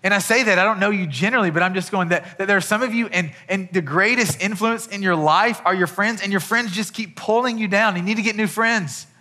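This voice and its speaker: A man's voice: sits high, fairly quick, hardly any pauses, sharp tone. A man in his thirties, a pastor, giving a conversational sermon with many restarts.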